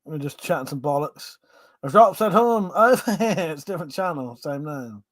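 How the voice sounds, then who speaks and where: Laughing English man, fairly high voice. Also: animated, no echo. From Buckinghamshire, England. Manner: jokey and laughing, swears freely, drawn-out repeated agreements. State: having a drink. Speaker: livestream host. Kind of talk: casual live-stream chat, reading viewer comments aloud.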